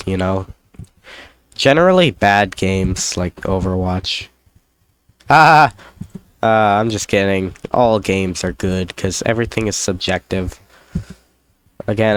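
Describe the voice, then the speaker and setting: A man's voice: deep voice, smooth. A young man chatting in a rambling, self-deprecating vlog, drifting off into jokey asides. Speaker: YouTuber. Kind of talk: rambling solo vlog chat.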